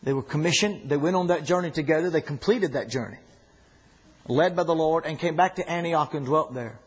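A man teaching a Bible study in an animated, folksy way, often repeating himself. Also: a little high, a little fast, slightly rough.

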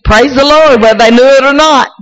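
A woman preacher, shouting and crying out in a sermon, then telling folksy stories with many restarts. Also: sits high, brisk, dull audio. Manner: folksy storytelling with repeats and restarts. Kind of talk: sermon with personal testimony.

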